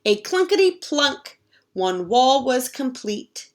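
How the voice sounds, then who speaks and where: A woman's voice: medium pitch, expressive, takes it slowly, background noise. A woman teacher reading a picture book aloud to children and asking them questions as she goes. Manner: asks the children questions directly. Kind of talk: children's read-aloud lesson.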